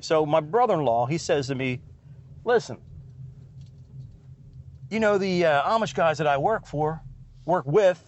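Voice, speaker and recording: A middle-aged man telling a rambling story from behind the wheel of a truck. His voice sits a bit high for a man, and he often laughs at his own tales. The sound is dull and lo-fi, with faint road noise under it. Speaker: podcast host. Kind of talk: casual storytelling monologue. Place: in a truck while driving.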